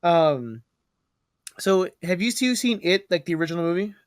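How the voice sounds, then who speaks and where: Young guy rambling on a podcast, swears a lot, voice a bit high, dry close sound. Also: animated, normal speed, dry recording. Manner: rambling, profane, stumbles over words. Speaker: podcast host. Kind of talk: casual chat.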